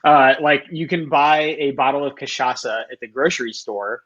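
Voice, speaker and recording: A man's voice: medium pitch, moderate pace, fairly bright tone, lo-fi sound. A man telling a rambling, laugh-filled story in casual chat.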